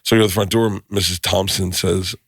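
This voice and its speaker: A man's voice: deep voice, fairly even intonation, fast talker, fairly bright tone, slightly rough, no room sound, clean studio sound. A middle-aged man hosting a podcast, telling a personal story in casual chat, emotional and laughing as he goes. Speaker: podcast host.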